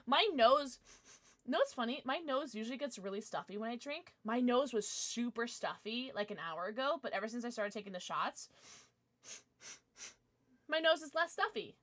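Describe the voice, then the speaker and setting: This is a woman streamer in easy, casual chat with her viewers, joking around and cooing baby talk at her dogs between lines. Her voice sits a touch high and swings up and down with a lot of life. The sound is close and dry, with no room around it. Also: no room sound. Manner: playful and jokey, thanks viewers warmly. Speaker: livestreamer.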